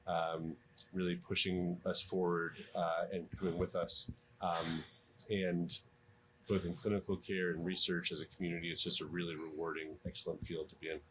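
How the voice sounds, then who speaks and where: Man, very low voice, a cardiologist answering interview questions thoughtfully, with ums and restarts, faint hum behind. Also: bright, forceful tone. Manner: measured, frequent ums and restarts.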